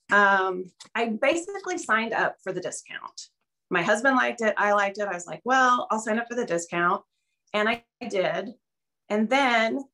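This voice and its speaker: A sharp-toned, mid-range voice belongs to a middle-aged woman telling her story on a video call. As a guest offering a casual testimonial, she speaks candidly yet a bit nervously, punctuated by fillers and little laughs.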